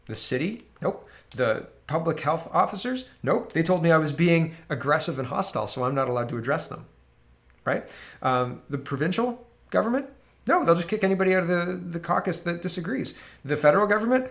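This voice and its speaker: Gravelly sarcastic man commenting. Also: fairly high pitch, sing-song, fairly quick, fairly bright tone. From Canada. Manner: sarcastic, mocking voices. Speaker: political commentary host. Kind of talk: casual commentary on clips.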